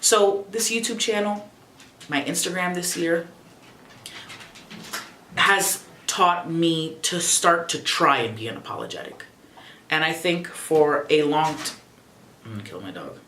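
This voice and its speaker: A young adult woman vlogging casually at home, expressive, profane and sassy. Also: on the low side, slow pace, long pauses, echoey room, a little hiss or hum. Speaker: YouTuber. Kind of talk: casual reflective vlog.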